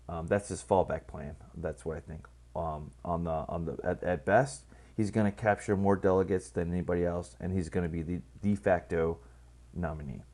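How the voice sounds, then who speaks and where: A man's voice: deep voice, a little mellow. A man giving casual, rambling political commentary, blunt and profane, full of fillers and restarts.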